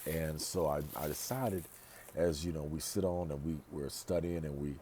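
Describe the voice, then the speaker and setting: A man with an extremely deep, low voice talks straight to the camera in a casual vlog. He hammers his points home by repeating phrases and drifts into rambling asides and restarts. A faint hiss of background noise sits under the recording. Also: moderate pace, mellow. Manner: emphatic, repeats phrases for stress. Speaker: pastor and vlogger.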